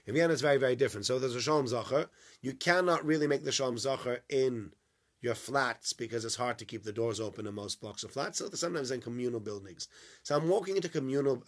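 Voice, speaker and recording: A man giving a weekly Torah lesson as an animated storyteller who acts out dialogue. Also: mid-range voice. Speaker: Torah teacher.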